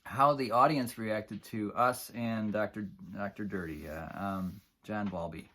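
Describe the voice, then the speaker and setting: A man's voice: on the low side, measured pace, sharp tone. A middle-aged man from the Buffalo area telling a casual, rambling story about an old gig, with many fillers and chuckles. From Buffalo area, New York.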